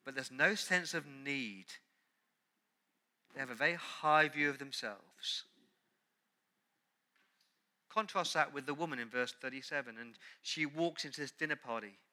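A man's voice: mid-range voice, a little slow, long pauses, sharp tone. A man preaching a sermon as pastor, earnest and emphatic, repeating key words.

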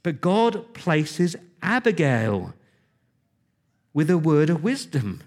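A man's voice: fairly high pitch, sing-song, takes it slowly, a little mellow. A man preaching a sermon, retelling scripture conversationally with emphatic repetition.

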